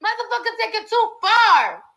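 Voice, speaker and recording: A woman's voice: extremely high pitch, big pitch swings, moderate pace, sharp tone, low-quality recording. A woman in her thirties in a heated, profane, repetitive rant, filmed on a phone for a live video. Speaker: celebrity ranting online. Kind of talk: angry unscripted rant.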